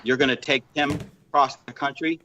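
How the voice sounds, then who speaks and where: Bright-voiced chatty man in his fifties. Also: mid-range voice, steady tone, brisk, a little hiss or hum, poor audio. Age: 50s. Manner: chatty, explanatory, with frequent restarts. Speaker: podcast co-host. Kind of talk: casual podcast chat.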